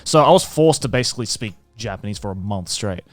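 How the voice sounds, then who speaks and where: A man from Australia with a mild Australian accent, co-hosting a podcast in relaxed casual chat with halting restarts. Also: on the low side, dry recording. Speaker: podcast co-host.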